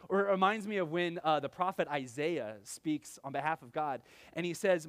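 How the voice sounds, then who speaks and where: Man preaching a lively, conversational sermon. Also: fairly high pitch, moderate pace, no room sound. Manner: conversational preaching with animated acted-out quotes. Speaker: pastor.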